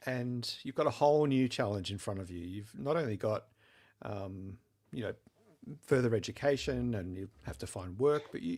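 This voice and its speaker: An Australian man hosting a casual podcast interview, steering it with questions and short agreeing remarks. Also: medium pitch. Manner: steers the talk with questions, brief backchannels. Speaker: podcast host.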